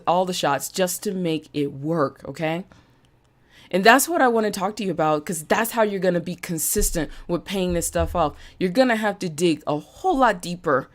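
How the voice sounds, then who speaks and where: Emphatic woman giving a motivational talk. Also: lowish voice. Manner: emphatic, repeats phrases for emphasis. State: coughing now and then. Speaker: podcast host and business coach. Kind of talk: live-streamed motivational talk.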